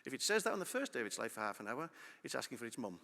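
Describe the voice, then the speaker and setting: A middle-aged man gives a conference talk in a large hall, and the long reverb follows his words. He speaks quickly with a bright, forceful tone and keeps putting questions to the audience. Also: mid-range voice, vocal fry. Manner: lively, asks the audience questions.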